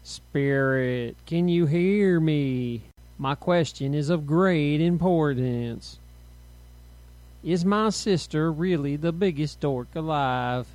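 A man's voice: fairly high pitch, slow, darkish tone, no room sound. A man voicing Rita, a sarcastic, bossy teenage twin girl who teases her sister and mocks a spooky tone, in a dry, close audiobook recording. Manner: snarky and teasing, mock-spooky when asking the spirit.

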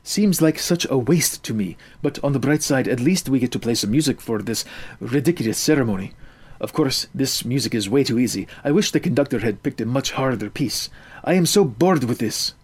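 A man's voice: medium pitch, lively intonation, brisk, darkish tone, slightly rough. A man voicing a nerdy thirteen-year-old boy who complains pedantically about a ceremony. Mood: grumbling.

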